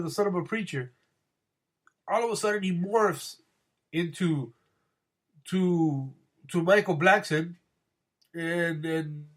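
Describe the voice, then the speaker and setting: Male podcast host, casual profane monologue, loose and rambling, slightly high voice. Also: a bit bright. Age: adult with wife. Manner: rambling, profane, frequent restarts.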